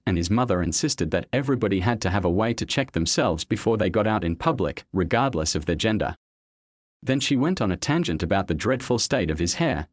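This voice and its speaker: A man reads a story aloud at a steady, even pace. His voice sits on the low side, and the recording is dry and close, with no room sound around it. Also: no echo. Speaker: narrator. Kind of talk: scripted storybook narration.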